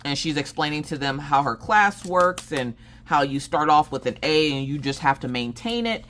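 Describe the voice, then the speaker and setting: A woman's voice: deep voice, expressive, normal speed, a bit bright, a little hiss or hum. A woman crafting on camera and chatting casually, rambling through a story and acting out what everyone said. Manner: rambling storyteller who acts out quoted dialogue. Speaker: crafting vlogger and streamer. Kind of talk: casual chat while crafting.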